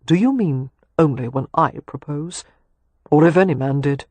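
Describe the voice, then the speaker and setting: A man reading the part of a teasing, ardent young gentleman in an audiobook romance, speaking wryly and earnestly. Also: a little high, moderate pace, no room sound, natural voice.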